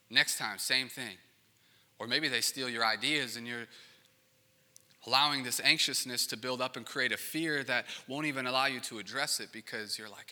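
A male pastor preaching in a relaxed, conversational way and slipping in joking asides. His voice is very bright and sharp, and it carries a long reverb from a big hall. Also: medium pitch, normal speed. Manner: casual and conversational, acting out quotes with joking asides. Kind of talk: sermon.

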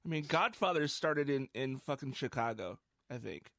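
A man's voice: mid-range voice, animated, normal speed, gravelly, fairly bright tone, no echo, studio quality. Laughing, casual podcast host man. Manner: laughs easily, curses casually. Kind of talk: casual chat.

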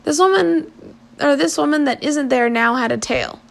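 A woman's voice: sits high, normal speed, gravelly. A woman reading aloud and voicing a big, simple-hearted man who follows his leader and talks in a folksy, deferential way. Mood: puzzled. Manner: folksy, deferential, plain-spoken.

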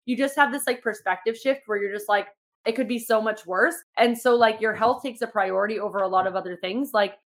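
A woman's voice: medium pitch, fast, hardly any pauses. Young female fitness coach, casual podcast delivery, encouraging, filler-heavy, mid-range voice. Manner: chatty, says "like" a lot; upbeat and encouraging.

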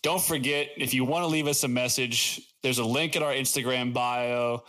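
A man's voice: mid-range voice, steady tone, normal speed, pushed and bright. A man co-hosting a comedy podcast, riffing casually and joking about absurd scenarios. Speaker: podcast co-host.

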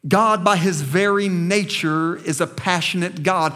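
High-voiced impassioned male pastor preaching. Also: unhurried, few pauses, a bit bright. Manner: impassioned, emphatic preaching with repeated calls to the congregation. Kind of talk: sermon. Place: church sanctuary with a small congregation.

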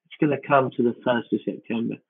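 Man, deadpan comic monologue, self-mocking, podcast host, narrow phone-like sound, mid-pitched. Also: fast, vocal fry, slightly rough. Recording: band-limited, phone-like sound.

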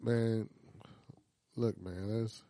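A man's voice: fairly low pitch, fairly even intonation, dark tone, no echo, studio quality. A man with a New Orleans accent, co-hosting a podcast, chatting casually in an earnest, agreeable way. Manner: agreeable, backs up the other host, slow and earnest. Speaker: podcast co-host. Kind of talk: casual chat.

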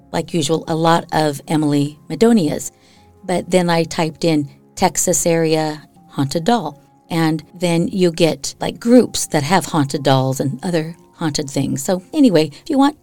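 A woman's voice: on the low side, warm tone. A woman from Iowa hosting a podcast, reading spooky stories in a chatty way with casual asides. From Iowa, USA. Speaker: podcast host.

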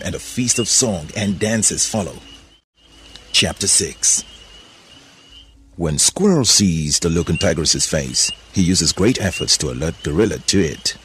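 Deep-voiced man reading a story. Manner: animated, voices many characters. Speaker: narrator.

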